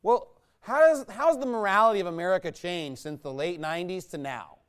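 Fiery high-pitched male preacher ranting. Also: brisk, clear, resonant tone. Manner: combative, mocking, swings from low muttering to loud outbursts. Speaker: pastor. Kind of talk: fiery sermon rant.

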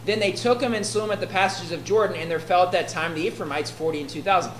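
Speaking fast in a lowish voice, a woman reads scripture aloud and explains it in a conversational expository sermon, often asking "right?". The room is echoey with faint ambience, and there is a little hiss or hum.

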